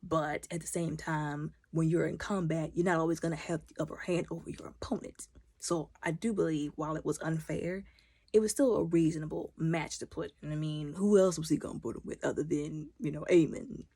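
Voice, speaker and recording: A woman recapping a TV episode in casual, animated commentary, opinionated and talking back to the characters. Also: sits low, fairly quick, husky, dry recording, clean studio sound. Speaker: video recap host.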